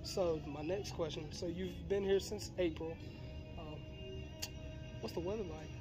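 A man's voice: high voice, fairly even intonation, measured pace, music in the background. A man from South Carolina, chatting casually in a vlog and laughing often. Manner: laid-back, laughs often, says "okay, okay". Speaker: vlogger.

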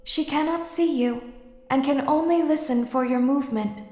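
A woman voicing a calm female robot girl who gives eerie, measured advice in a video game. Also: high voice, lightly acted. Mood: instructive. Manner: calm, measured, coolly curious. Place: game soundtrack heard through a let's play. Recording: echoey hall reverb on game audio.

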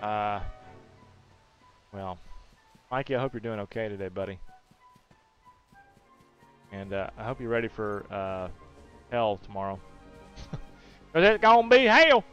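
A man streaming a video game, chatting casually with his viewers, joking crudely and now and then bursting into loud hyped shouts. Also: lowish voice, steady tone, unhurried, pauses often, lo-fi sound, faint music behind. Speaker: gaming streamer.

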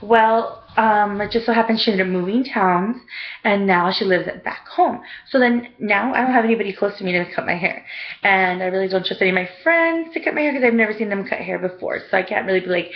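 A woman's voice: medium pitch, a little fast, muffled recording. A young woman casually telling a rambling story for her vlog, full of "like" and "um". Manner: chatty, rambling, lots of "like" and "um". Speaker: vlogger.

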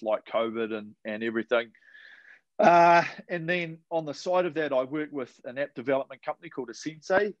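With a medium-pitched voice, a retired New Zealand rower tells easygoing sports stories on a podcast, dropping slang and the odd swear word. There's no room sound, and the audio comes across dull.

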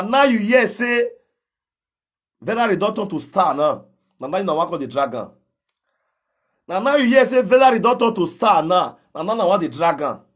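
This man speaks in Nigerian Pidgin English, and his voice sits high with a slight roughness. He's ranting in a social media gossip commentary, confronting someone and challenging them outright.

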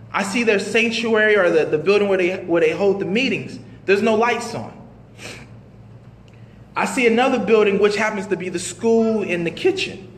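A man giving a testimony sermon at a mosque, telling his story with animated, slangy storytelling. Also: high voice. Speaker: minister. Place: mosque hall. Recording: echoey hall with long reverb.

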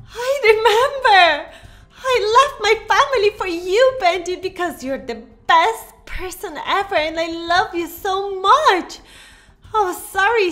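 A woman's voice: very high voice, sharp tone, exaggerated voice. A woman voicing a dramatic young mother in a Minecraft role-play, with fretful, breathless exclamations. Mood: lovestruck. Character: frantic, dramatic young mother under a spell.

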